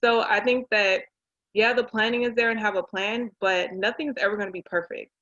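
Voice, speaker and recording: A woman's voice: mid-range voice, moderate pace, highs cut off. A woman in her thirties, a realtor and business owner, chatting casually and acting out the people she quotes. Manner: animated storyteller acting out quotes. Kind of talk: casual conversation.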